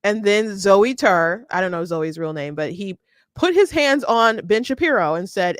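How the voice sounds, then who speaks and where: A woman's voice: mid-range voice, animated, normal speed, no room sound, clean studio sound. A woman hosting a casual political commentary stream, chatty, with many restarts and frequent laughter. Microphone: close mic, streaming setup.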